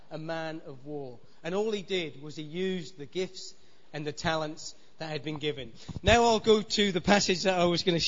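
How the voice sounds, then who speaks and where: A man's voice: fairly high pitch, fairly bright tone, long reverb tail, dull audio. A man preaching a sermon as pastor, his emphasis rising and falling. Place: church.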